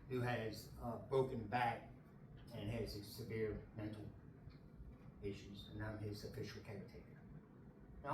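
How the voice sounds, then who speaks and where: A middle-aged or older resident speaking at a city meeting's public comment, emotional and indignant, halting and restarting, close to tears. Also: mid-range voice, a little mellow, a little hiss or hum. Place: council meeting hall. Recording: echoey hall, distant mic, faint ambience.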